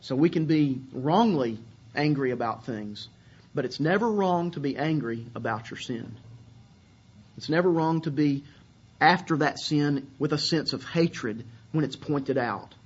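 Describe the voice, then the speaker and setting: Male pastor, sermon, husky voice, slightly high pitch, dull lo-fi church recording. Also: unhurried. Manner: earnest, repeats words while searching for phrasing.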